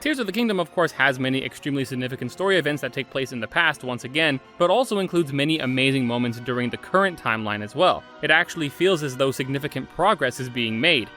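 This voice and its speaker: A man's voice: mid-range voice, animated, fast talker, few pauses, sharp tone, faint music behind. A young man narrating a scripted game review video essay, enthusiastic and opinionated with casual asides.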